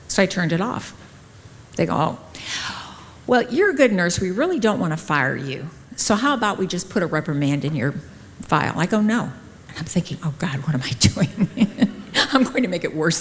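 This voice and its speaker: A middle-aged woman, a nurse, speaks at a conference in a slightly low voice, animatedly playing the people in her stories. Her words ring out with a long reverb from the large hall. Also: a little hiss or hum. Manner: lively, acts out quoted dialogue. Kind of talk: personal storytelling talk.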